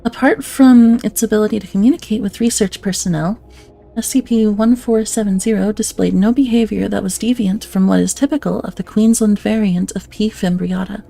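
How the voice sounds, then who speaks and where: Gravelly woman streamer reading aloud. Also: medium pitch, steady tone, fairly quick, warm tone. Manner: reads documents, then breaks off for laughing, swearing asides. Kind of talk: casual reading aloud with asides.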